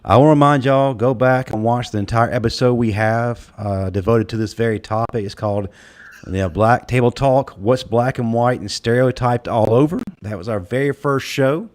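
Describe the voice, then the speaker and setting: A man's voice: medium pitch, moderate pace. Laid-back man hosting a chat show. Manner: relaxed, lots of fillers and laughs. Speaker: podcast host. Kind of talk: casual panel chat.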